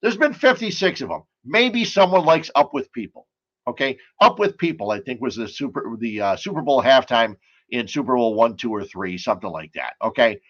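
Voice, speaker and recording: A man's voice: medium pitch, lively intonation, normal speed, a bit bright, muffled recording. A man hosting a casual sports and beer talk show, rambling and chatty, full of asides and stories.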